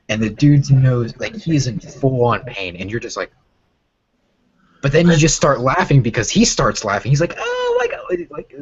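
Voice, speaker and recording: A man's voice: on the low side, muffled recording, slight background noise. An American man in his twenties hosting a casual chat, rambling and profane with many fillers. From United States. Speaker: host.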